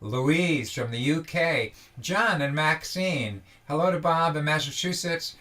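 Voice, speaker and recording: Bright-voiced man hosting a video call. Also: on the high side. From Vermont. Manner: halting, many restarts and fillers. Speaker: host of a daily online singalong. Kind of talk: casual chat, greeting viewers.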